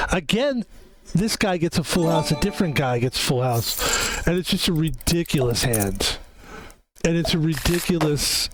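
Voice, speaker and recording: A man casually commentating his own online poker game, rambling and correcting himself, with the odd swear word when he loses a hand. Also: a little high. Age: adult. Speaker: gaming video host.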